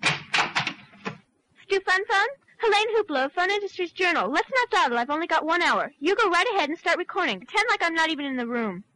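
A woman playing a hurried, businesslike magazine reporter. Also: extremely high pitch, very animated, bright, forceful tone, slight background noise, exaggerated voice, rough recording. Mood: brisk. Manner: curt, businesslike.

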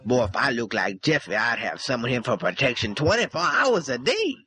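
A man's voice: sing-song, a little fast, pushed and bright. A man playing a boastful, bossy male burglar in an amateur comedy skit, swaggering and theatrical. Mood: sneaky. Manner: swaggering, theatrical swings in pitch.

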